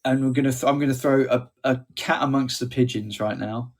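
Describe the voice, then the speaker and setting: Co-host: man, mid-pitched, teasing and jokey interviewer. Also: steady tone, fairly quick. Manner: joking, teasing. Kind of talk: casual chat.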